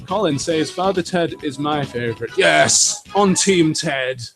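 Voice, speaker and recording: A man's voice: a little high, lively intonation, unhurried, gravelly, over music, poor audio. A man hosting a live game stream, joking and reading out viewer comments as he plays. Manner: chatty, jokey, reads out viewer comments.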